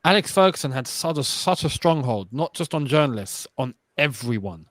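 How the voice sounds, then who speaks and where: A man's voice: medium pitch, expressive, normal speed, no room sound. A young man co-hosting a casual football chat, emphatic and opinionated. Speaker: podcast co-host.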